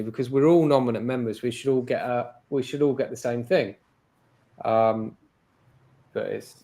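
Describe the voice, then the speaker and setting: A man's voice: medium pitch, a little mellow. British male interview guest, casual and chatty, mid-range voice, lots of filler words. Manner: chatty, heavy with "you know" and "like" fillers. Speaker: interview guest, domain investor.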